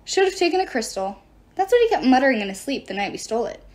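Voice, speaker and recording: A woman's voice: high voice, very animated, fast, darkish tone. A woman voicing a nervous male dwarf thief who whines, begs and stammers, in a storybook reading. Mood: offhand. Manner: whiny, stammering and begging.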